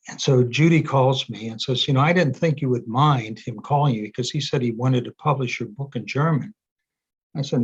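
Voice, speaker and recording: Older male guest, casual storyteller, husky voice, muffled video-call sound. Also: mid-range voice. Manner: rambling anecdotes with many fillers and restarts. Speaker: interview guest, energy psychology author. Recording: dull lo-fi sound.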